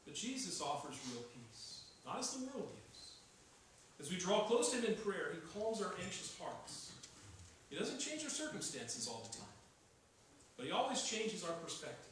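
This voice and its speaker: A man's voice: high voice, huge pitch swings, normal speed, distant mic, slight background noise. Earnest male pastor in an echoey hall. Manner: earnest, rising to urgent emphasis. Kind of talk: sermon. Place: church sanctuary.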